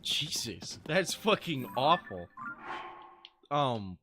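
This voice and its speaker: A man's voice: medium pitch, big pitch swings, extremely slow, over music. A young adult man streaming live, telling casual stories to his chat, swearing freely and laughing often.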